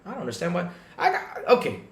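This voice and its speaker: A man hosting a casual gaming podcast stream, animated and talking straight to his viewers, often checking in with "right?". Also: sits high, fast, roomy sound. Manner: animated, talks to chat viewers, lots of "right?" and restarts. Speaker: podcast host. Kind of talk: casual livestream podcast chat.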